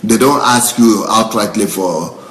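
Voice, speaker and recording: A man's voice: fairly low pitch, unhurried, roomy sound, noisy background. A male pastor giving live commentary on viewer comments, indignant and emphatic, repeating phrases for effect and often laughing. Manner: breaks into laughter.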